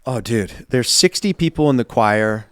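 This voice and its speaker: Rambling, animated male podcast host. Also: medium pitch, normal speed, no echo. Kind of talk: casual chat.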